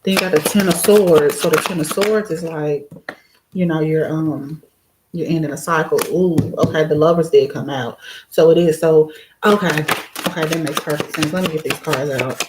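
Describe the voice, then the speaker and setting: A woman's voice: low-pitched, steady tone, normal speed, noisy background. A woman giving a casual, chatty live tarot reading, giggling and filling her talk with "you know" and "like" while nursing a sore throat. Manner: chatty, giggly, lots of fillers. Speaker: tarot reader.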